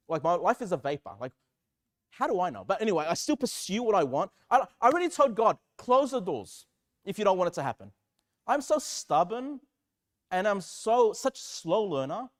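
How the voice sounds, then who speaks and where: High-voiced pastor preaching. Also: male voice. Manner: earnest, self-deprecating, acts out prayers aloud. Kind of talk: sermon.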